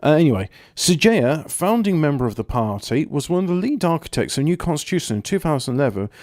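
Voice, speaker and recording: A man's voice: fairly high pitch, very animated, fast, darkish tone, no echo, studio quality. A man hosting a casual comedy podcast, reading news stories aloud with sarcastic asides and swearing.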